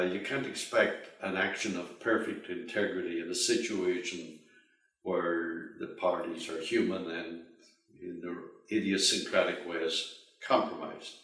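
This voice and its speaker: A male interviewer giving a deliberate, point-by-point reply, recorded in an echoey room with the mic far away. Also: low voice, a bit bright.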